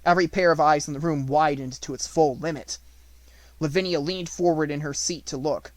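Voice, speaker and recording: A man reading a classic novel aloud as an audiobook narrator, in a steady, even storytelling voice. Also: on the high side, brisk, no echo, poor audio.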